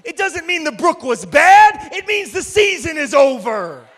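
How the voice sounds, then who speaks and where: Male preacher, emphatic sermon delivery with shouted peaks; high, bright voice in a reverberant hall. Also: sing-song, unhurried.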